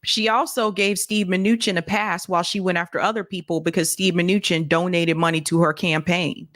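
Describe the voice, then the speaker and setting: A woman's voice: fairly low pitch, steady tone, normal speed, a bit bright. A woman co-hosting casual political commentary, blunt, incredulous and openly profane. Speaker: co-host.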